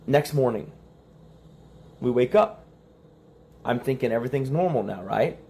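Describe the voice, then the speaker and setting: A man's voice: medium pitch, lively intonation, measured pace, mellow. A young man telling a story in casual stream talk, acting out the quoted lines and laughing between them.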